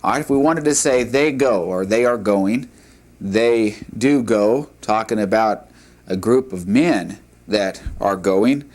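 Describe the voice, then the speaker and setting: Slow, low-voiced man teaching a language. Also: darkish tone. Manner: deliberate, repeats and models pronunciation. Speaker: Hebrew teacher. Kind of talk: slow classroom lecture.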